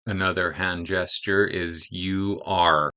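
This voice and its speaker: A man with a very low, deep voice narrates a teaching guide. He explains each step calmly and steadily, like a trainer walking other teachers through a method. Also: slow, clear, resonant tone. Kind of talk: instructional narration.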